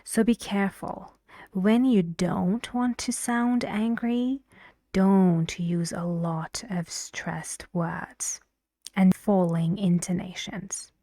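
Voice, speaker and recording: Woman teacher, slow, measured, dry close sound, breathy asides. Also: mid-range voice, fairly even intonation, no echo. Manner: slow, deliberate explanations with frequent soft, half-whispered phrases. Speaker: English teacher. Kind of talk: explaining pronunciation in a language lesson.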